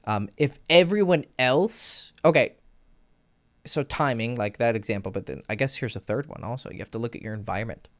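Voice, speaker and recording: A man's voice: medium pitch, brisk. A young man casually coaching on dating and charisma. He swears freely and uses vocal sound effects. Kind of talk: casual advice monologue.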